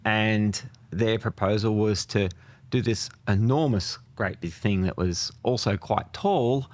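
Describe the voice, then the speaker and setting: An Australian man from Australia, a guest in a casual interview, telling stories at a relaxed pace with hesitations. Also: on the low side, takes it slowly.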